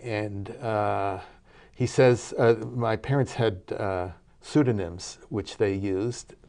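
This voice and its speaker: Halting lower-voiced older man. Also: warm tone. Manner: halting, many fillers and restarts. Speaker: interview guest, cinematography professor. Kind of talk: conversational storytelling interview.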